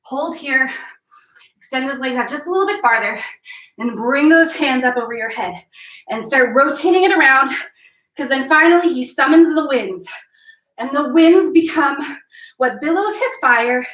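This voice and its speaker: Young female fitness instructor, high and bright, playful storyteller cueing moves; off-mic in a roomy space. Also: moderate pace, far from the mic. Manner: energetic, playful, retelling a legend while cueing moves. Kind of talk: live workout class with storytelling. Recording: echoey room, voice off-mic.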